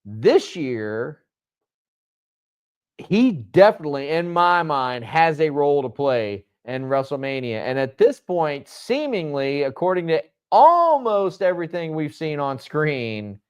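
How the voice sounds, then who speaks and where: A man's voice: a little high, big pitch swings, measured pace, clean tone. A man co-hosting a casual wrestling chat show, rambling and restarting his phrases, swearing now and then. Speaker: podcast co-host.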